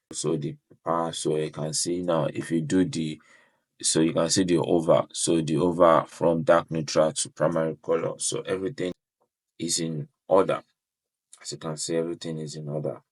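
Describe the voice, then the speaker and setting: A man walks through a screen-share tutorial in a loose, rambling way, stringing every step together with "so" and quick apologies. His voice sits extremely low, with a rough, gravelly texture and a husky edge. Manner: rambling, starts most phrases with "so", apologizes often while clicking. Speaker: web design tutorial host. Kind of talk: casual screen-share walkthrough.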